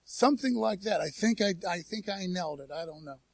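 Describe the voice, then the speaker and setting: High-voiced casual preacher, folksy and dry. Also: male voice, expressive, fairly quick, vocal fry, no room sound. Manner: folksy, peppered with "man" and "you know". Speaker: pastor. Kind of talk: casual conversational sermon. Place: church.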